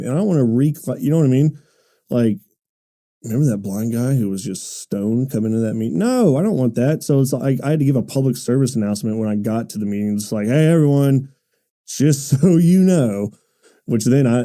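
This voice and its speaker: Dark-voiced man telling funny stories. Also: mid-range voice. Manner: animated, self-deprecating, laughs often. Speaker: podcast host. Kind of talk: comic storytelling monologue.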